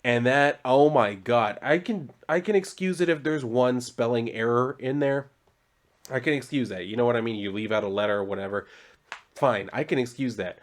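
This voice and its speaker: A male comic book reviewer in a loose, chatty vlog. His voice sits at a middle pitch, and he rambles through a recap with plenty of "like"s and asides. He gets playfully exasperated over small mistakes. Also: unhurried. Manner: loose and conversational, full of "like" and asides, riffing and exasperated. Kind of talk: casual video commentary.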